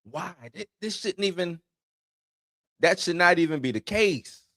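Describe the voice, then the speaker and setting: A man's voice: high-pitched, lively intonation, measured pace, sharp tone, no echo, studio quality. A man hosting an entertainment news show in loose, slangy casual commentary, chuckling between points.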